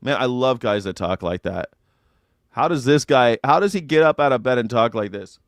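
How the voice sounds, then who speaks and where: A man's voice: medium pitch, expressive, moderate pace, no echo, clean studio sound. A man hosting a casual livestream reaction show, chatting with his viewers and cursing freely. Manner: chatty, cursing, talking to chat. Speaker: livestream host.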